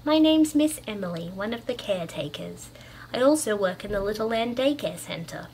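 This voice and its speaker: An Australian woman voicing a warm, welcoming female caretaker in a sweet, raised voice. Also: mid-range voice, lively intonation, moderate pace, a little hiss or hum, lightly acted, poor audio.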